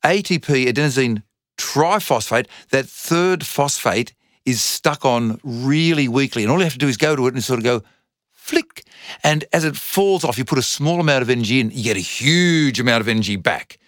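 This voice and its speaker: A man's voice: mid-range voice, expressive, fairly quick, fairly bright tone, no room sound, studio quality. A man co-hosting a science podcast in casual chat, joking and explaining things with everyday metaphors. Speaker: science co-host.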